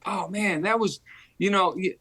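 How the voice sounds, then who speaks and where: A man in his fifties, a former boxing champion, telling animated stories in a casual interview and repeating phrases for emphasis. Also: high-pitched, normal speed, husky, dry recording.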